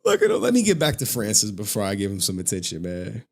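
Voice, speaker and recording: A man's voice: fairly low pitch, fast talker, vocal fry, slightly rough. A man streaming, telling stories in casual, slangy, profane talk. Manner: animated, profane, slangy storytelling. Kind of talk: casual livestream chat.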